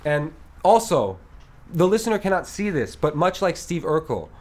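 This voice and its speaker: A man's voice: on the high side, sing-song, moderate pace, darkish tone. A man in his thirties hosting a casual podcast chat, telling rambling stories broken up by laughs. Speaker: podcast host.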